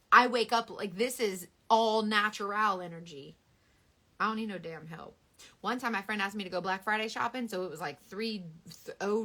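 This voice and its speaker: A woman in her thirties chatting casually and animatedly on a live beauty stream. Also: medium pitch. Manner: animated, dramatic, Southern US sayings. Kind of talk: casual chat.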